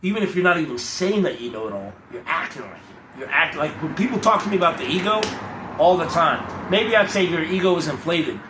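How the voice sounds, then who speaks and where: In this echoey clip full of loud background noise, the young vlogger rants to camera off the cuff, bluntly and with plenty of profanity, often putting on other people's voices to mock them. His voice sits fairly high, with lively intonation and a fairly quick pace.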